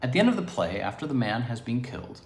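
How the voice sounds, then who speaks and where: A man's voice: mid-range voice, very animated, fast talker, reverberant. A man giving an improvised livestream lecture on philosophy, explaining expressively with asides, from a makeshift home studio. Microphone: device camera propped on DVDs.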